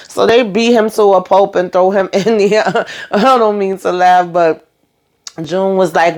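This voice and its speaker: A woman giving a casual, blunt and expressive recap of a TV episode, often speaking directly to her viewers. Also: lowish voice, moderate pace. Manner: sassy, blunt and expressive, with frequent asides to viewers. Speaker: TV recap vlogger.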